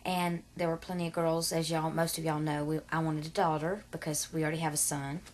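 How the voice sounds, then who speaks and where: A woman vlogger in her 30s talks casually and at length to her camera, rambling long-windedly with plenty of fillers and asides. Her voice sits low and a little mellow, with a flat delivery and a slightly fast pace.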